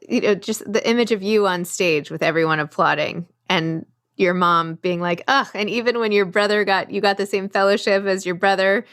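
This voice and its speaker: A woman's voice: lowish voice, a bit bright, no room sound, clean studio sound. A woman moderating an interview on a video call, chatty and loose, with restarts and fillers. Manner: chatty, restarts, lots of "like" and "you know". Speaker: host and moderator. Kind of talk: casual interview chat.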